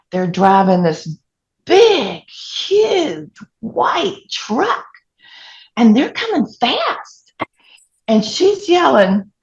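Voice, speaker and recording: A woman pastor with a Southern US accent, preaching through personal stories with animated asides. Her voice has a gravelly edge. The recording sounds dull and lo-fi, as from a church sound system. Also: medium pitch. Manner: storytelling, animated, laughing asides. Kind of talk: sermon.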